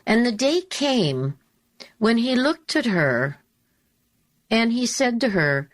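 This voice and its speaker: A woman talk show host telling a story in a slow, deliberate, emphatic way, repeating her key phrases. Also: on the high side, very animated. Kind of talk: storytelling monologue.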